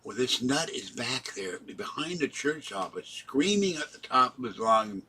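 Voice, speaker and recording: A man's voice: medium pitch, big pitch swings, unhurried, husky. A man telling a long, rambling personal story in a casual vlog, recounting events in the present tense. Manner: breaks off to talk softly to his cats. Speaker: vlogger.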